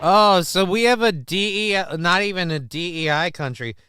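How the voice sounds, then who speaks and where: Rambling through his casual live-streamed talk show, a tired, foggy host talks with viewers and reads out the news. He has a high-pitched, sharp voice at a moderate pace, with some chatter behind him and a little hiss or hum.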